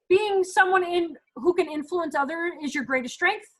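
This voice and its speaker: A woman in her thirties with an extremely high voice leads a casual parenting talk, chatty and acting out little quotes as she goes. She's a parenting group leader, and the recording is rough.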